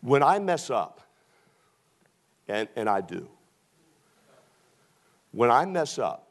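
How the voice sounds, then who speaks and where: A male preacher delivering a sermon, emphatic and full of rhetorical questions, swinging from loud shouts to low quiet asides. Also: very animated, slow.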